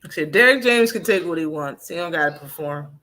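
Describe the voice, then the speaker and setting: A woman's voice: deep voice, animated, a little fast, pushed and bright. A woman hosting a live boxing talk stream in casual, profane chat, laughing often and answering her chat.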